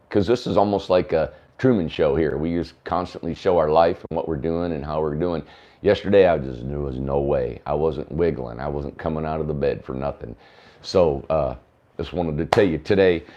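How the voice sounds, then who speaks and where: A hoarse man with a drawl rambles through a casual livestream update, with plenty of ums along the way. His voice sits very low, and the sound is a little dull and muffled. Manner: rambling, with many fillers. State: hoarse from a sore throat. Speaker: host of a tiny homes livestream.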